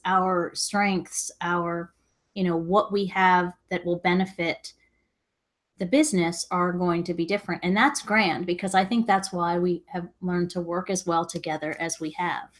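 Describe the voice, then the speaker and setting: A woman co-hosts a casual live-stream show about a reselling business alongside her husband. Her voice sits a little low for a woman. She thinks aloud, rambling and restarting her sentences as she works toward her point. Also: flat delivery, unhurried, fairly bright tone.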